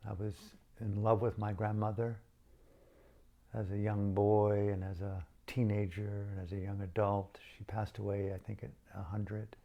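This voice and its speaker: Gravelly low-voiced man telling a story. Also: flat delivery, normal speed, highs cut off. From United States. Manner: reflective, self-mocking, shifting emphasis. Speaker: storyteller and author. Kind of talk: personal spoken storytelling.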